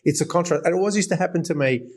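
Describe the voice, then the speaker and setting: A man's voice: a little high, rapid-fire, darkish tone. A middle-aged man co-hosting a podcast, sharing life lessons in a reflective, casual way. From Australia. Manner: reflective, shares advice in long flowing thoughts. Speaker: podcast co-host. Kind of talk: casual chat.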